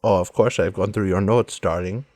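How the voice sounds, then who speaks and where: A man's voice: deep voice, fairly even intonation, moderate pace, darkish tone, no room sound, pitched below the performer's own voice, natural voice. A man voicing a sly, flirtatious woman who teases and dodges questions, in a tabletop role-play. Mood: coy. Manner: playful, mock-sultry, calls others darling. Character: sly flirtatious adult woman, teasing and evasive.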